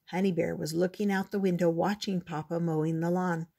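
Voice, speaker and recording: An older woman reading a children's picture book aloud, gentle and measured. Her voice sits low and comes through husky and breathy. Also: steady tone. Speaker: storyteller. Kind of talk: storybook read-aloud.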